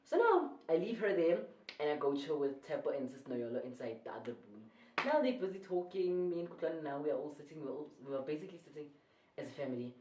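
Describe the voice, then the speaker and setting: A woman's voice: low-pitched, fast talker, recorded from a distance, slight background noise. Rambling South African woman in echoey room. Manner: rambling, excitable, often corrects herself. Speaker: YouTuber. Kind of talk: casual storytime. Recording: echoey room, voice away from the mic.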